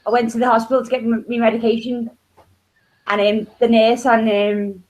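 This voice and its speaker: A chatty woman rambles on about her day in a high, bright-pitched voice. Her telling is loose and conversational. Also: flat delivery, moderate pace. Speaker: chat room participant. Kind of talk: casual chat.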